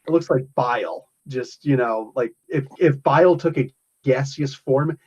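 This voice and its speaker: A man's voice: mid-range voice, measured pace, a little mellow, slightly rough. Rambling man from New Jersey, dull sound. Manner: rambling, chuckling narration with fillers. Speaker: game master. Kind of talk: narrating a tabletop game.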